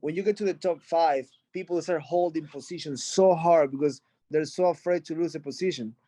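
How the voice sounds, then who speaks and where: A man's voice: a little high, a little fast, warm tone, dry recording, poor audio. Blunt, swearing man, English. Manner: blunt, profane, frank. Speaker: interview guest, fighter. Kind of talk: casual interview.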